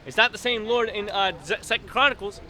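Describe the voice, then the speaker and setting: A man preaching outdoors on a street in rough, blunt vernacular, hammering his points with emphasis. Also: sits high, steady tone, brisk, sharp tone.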